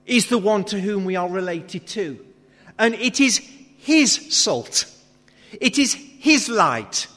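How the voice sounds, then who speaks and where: A man preaching a sermon, reading scripture and then explaining it with emphatic, measured phrasing and long dramatic pauses. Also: extremely high pitch, bright, forceful tone. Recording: long reverb of a hall.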